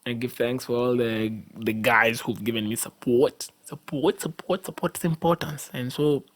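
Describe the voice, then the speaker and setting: A man's voice: mid-range voice, steady tone, moderate pace. A young Kenyan man hosting a casual solo podcast, rambling and repeating himself as he exhorts his listeners, sleepy after a long day. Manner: rambling, repeats himself, frequent restarts and fillers. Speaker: podcast host.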